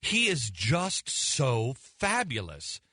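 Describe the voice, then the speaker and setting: A man mimicking refined male opera-goers who gush slowly and fawningly over the conductor. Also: medium pitch, huge pitch swings, bright, forceful tone, dry recording, studio quality, voice pushed down, full character voice. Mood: swooning. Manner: slow, breathy, fawning.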